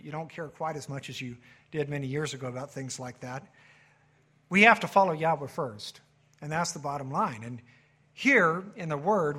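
A man's voice: on the high side, sharp tone. A man preaching a sermon as pastor, emphatic, with swells and drops in his delivery.

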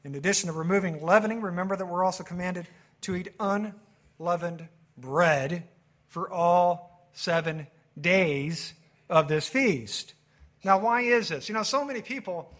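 A man preaching a sermon with a fairly high, bright voice. He talks emphatically, swelling to loud points and dropping low again, like a pastor before his congregation. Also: a little slow.

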